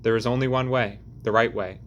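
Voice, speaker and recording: A man voicing a stolid, middle-aged German-American carpenter with a German accent who talks calmly and bluntly in broken English. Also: mid-range voice, brisk, dull audio, slight background noise, natural voice. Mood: placid. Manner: calm, blunt, broken grammar.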